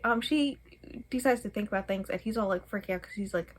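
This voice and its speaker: A woman's voice: medium pitch, sing-song, a little fast, pushed and bright. A young adult woman, a book vlogger, rambling casually through a book review with many fillers. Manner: rambling, chatty, many fillers, laughs often.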